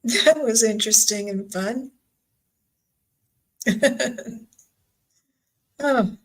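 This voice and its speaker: A woman hosting a live spiritual channelling stream, soft and emotional, asking her guides questions. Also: on the high side, very slow, poor audio. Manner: soft, emotional, openly still learning. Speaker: spiritual medium and stream host.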